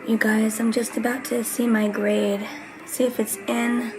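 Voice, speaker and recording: A woman chatting casually to camera at home in a vlog, excitable and often dropping into a whisper. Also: on the high side, unhurried. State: voice messed up. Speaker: vlogger.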